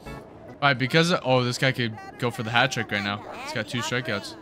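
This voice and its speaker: A young man hosting a gaming video, giving excited let's-play commentary and cheering his team on with slangy outbursts. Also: medium pitch, brisk, over music. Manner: hyped, yelling at the game, slangy.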